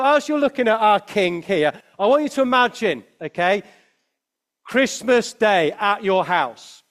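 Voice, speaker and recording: A man with a high voice gives a lively children's talk during a Christmas service, putting questions to the kids as he preaches.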